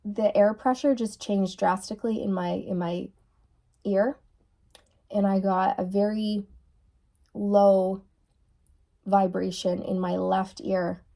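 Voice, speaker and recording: Mellow-voiced woman giving a tarot reading. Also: medium pitch, steady tone, slow pace, vocal fry, pauses often. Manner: soft, musing, repeats key phrases. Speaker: tarot reader. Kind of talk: channeled tarot reading to camera.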